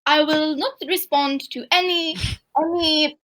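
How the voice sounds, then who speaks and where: A woman voicing a haughty young female thief who puts on a deliberately bad foreign accent and dodges every question. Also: high voice, steady tone, fairly bright tone. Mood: indignant. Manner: stiff mock-foreign accent, bad on purpose.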